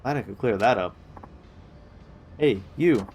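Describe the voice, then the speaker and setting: A man's voice: medium pitch, lively intonation, a little slow, a little mellow, a little hiss or hum, natural voice. A man voicing a stoic adult male taxi driver in a video game, reading his lines in a plain, matter-of-fact way. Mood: dry.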